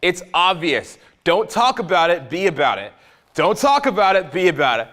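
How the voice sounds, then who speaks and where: A man teaching a live dating seminar, telling stories in an animated, profane way. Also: high-pitched, normal speed. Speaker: dating coach.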